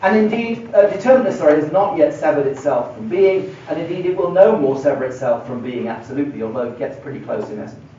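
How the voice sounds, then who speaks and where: His voice is on the high side, mellow and expressive, and he talks fast with few pauses. He's a middle-aged man lecturing on philosophy at a university, reasoning out loud and emphasizing key words at the board, captured lo-fi and dull by a far-off mic in an echoey hall with slight hiss or hum.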